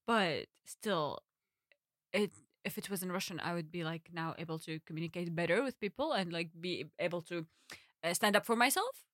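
A woman's voice: lowish voice, normal speed, fairly bright tone, no echo, clean studio sound. A young woman co-hosting a podcast in casual chat, talking loosely with lots of "like" and small restarts. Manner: chatty, hedges with "like". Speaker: podcast co-host.

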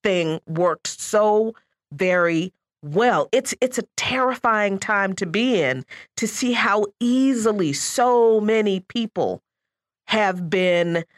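This woman co-hosts a political talk radio show with an animated, emphatic delivery. Her pitch moves widely and expressively. The recording is dry and close, with no room sound. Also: slow, dry recording. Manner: animated, emphatic, laughs mid-sentence.

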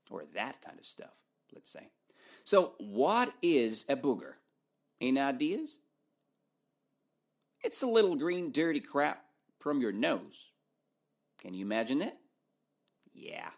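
Slow, animated male story teacher. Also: medium pitch, vocal fry. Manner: asks questions and answers them himself, playful. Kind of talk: question-and-answer story lesson.

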